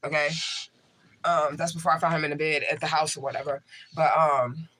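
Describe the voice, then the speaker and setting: A man's voice: a little high, steady tone, brisk, sharp tone, slight background noise. A man, a tarot reader, chatting casually and profanely to his livestream viewers.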